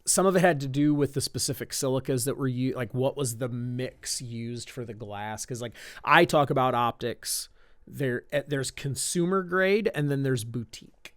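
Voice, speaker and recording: A man from Indiana, a guest on a podcast, explaining his point through quick hypothetical examples. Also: medium pitch, a bit bright, no echo, clean studio sound. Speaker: optics company guest. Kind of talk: podcast conversation.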